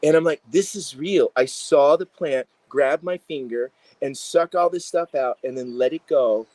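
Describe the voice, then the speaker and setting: Guy telling wild stories in an interview, lots of you know, middle pitched, dry sound. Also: normal speed, no room sound, low-quality recording. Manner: animated, many fillers, acts out quotes. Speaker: integration psychologist, guest. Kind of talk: casual interview storytelling.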